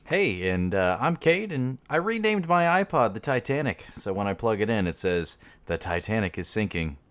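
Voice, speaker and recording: A man's voice: medium pitch, big pitch swings, normal speed, clean tone. A young man co-hosting a comedy podcast, trading crude jokes in casual banter. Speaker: podcast co-host.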